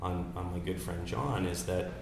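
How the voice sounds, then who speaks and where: A man in his thirties, a political strategist, telling campaign stories in casual, animated talk with many restarts. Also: low voice, moderate pace, gravelly. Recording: echoey room with faint noise.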